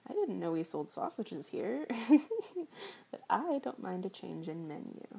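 A young woman voicing a teasing, foul-mouthed young fast-food worker in an adult audio role-play, often dropping into a breathy whisper. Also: fairly low pitch, very animated, mellow, exaggerated voice. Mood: mocking. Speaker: voice actor.

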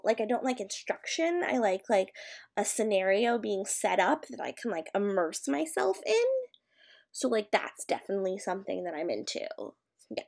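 A woman's voice: fairly high pitch, gravelly. A young woman at home, casually answering a questionnaire as an amateur audio creator, rambling and hesitant with many filler words. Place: her home.

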